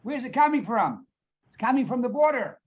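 A man's voice: very high-pitched, very animated, a little fast, breathy edge, pitched above the performer's own voice, exaggerated voice. A man voicing an old king who recognizes his son's voice calling from afar. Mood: astonished. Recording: dull lo-fi recording.

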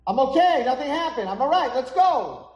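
A man's voice: fairly high pitch, animated, fast, reverberant, lightly acted, rough recording. A man voicing a stubborn teenage boy who keeps pleading to be let go. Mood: insistent. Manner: insistent, pleading shouts.

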